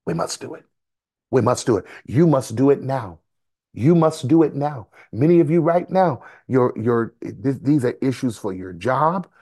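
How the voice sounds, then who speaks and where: A man preaching a fervent sermon to listeners on a conference call, repeating phrases and breaking into sudden shouts. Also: mid-range voice, lively intonation, moderate pace, breathy edge, no echo, clean studio sound.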